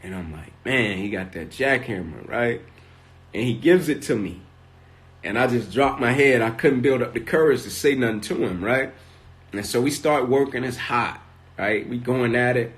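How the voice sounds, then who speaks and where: Man, motivational speaker on a phone live stream. Middling pitch, vivid build-up, habitual "right?" tags. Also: moderate pace, fairly bright tone. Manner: tags nearly every sentence with "right?"; vivid storyteller, builds in intensity. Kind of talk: storytelling talk on a live stream.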